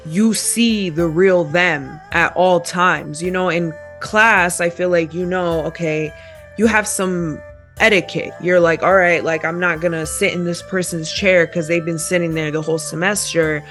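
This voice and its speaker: A woman's voice: lowish voice, steady tone, a little slow, fairly bright tone, soft background music. A young woman, a podcast guest, reflectively telling her life story in casual chat.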